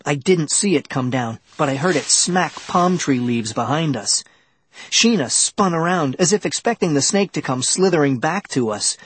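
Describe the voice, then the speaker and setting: A man narrating a children's adventure audiobook in the first person, with lively, dramatic storytelling. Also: fairly high pitch, normal speed, slightly rough.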